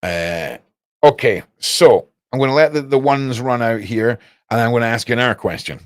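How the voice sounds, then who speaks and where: A man's voice: medium pitch, normal speed, dry recording, studio quality. A young man hosting a livestream, rambling casually and talking straight to his chat viewers. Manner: rambling, cryptic, chats to viewers. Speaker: livestream host.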